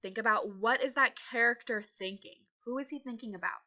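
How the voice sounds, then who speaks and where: A woman's voice: fairly high pitch, brisk, lo-fi sound. A woman teaching young children to read, patient and encouraging as she sounds out letters. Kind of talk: reading lesson for young children.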